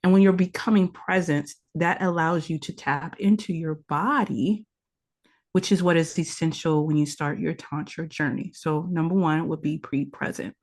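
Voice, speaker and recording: As a guest on a conversational podcast interview, a woman teaches tantra practice earnestly and instructively, repeating her key points. Her voice sits low and is a little mellow, with fairly even intonation and a moderate pace.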